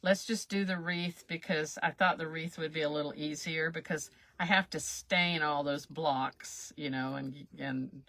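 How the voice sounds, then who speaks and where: A woman hosts a chatty crafting livestream, talking folksily as she works and chuckling at herself. Her voice is deep with a fairly bright tone, and the recording is dry.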